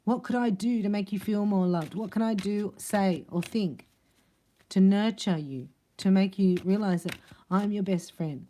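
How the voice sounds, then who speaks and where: A woman's voice: medium pitch, unhurried, warm tone, a little hiss or hum, lightly acted. A woman voicing an earnest, devoted man who asks eagerly how to please his partner. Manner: earnest, pleading questions.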